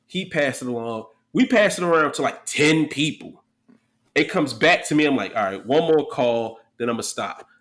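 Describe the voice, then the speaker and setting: A man's voice: medium pitch, lively intonation, moderate pace, fairly bright tone. A man in his thirties, a podcast guest, telling profane stories in casual chat and acting out the quotes. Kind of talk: casual storytelling.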